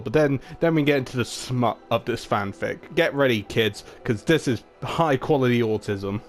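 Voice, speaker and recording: A man's voice: medium pitch, normal speed, hardly any pauses. A young man reading his own comedic fan fiction aloud, with crude, swearing, self-mocking asides. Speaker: fan-fiction writer and reader.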